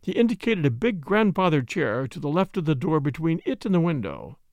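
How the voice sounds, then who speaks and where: A man narrates a story in a measured reading, his voice high with a gravelly edge. The sound is dry and close, with no room around it. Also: very animated, darkish tone, no echo. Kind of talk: audiobook narration.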